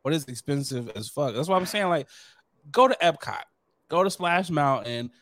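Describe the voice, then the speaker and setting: A young man co-hosting a podcast in casual chat, animated, laughing often and acting out quotes. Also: on the high side, moderate pace, no room sound. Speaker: podcast co-host.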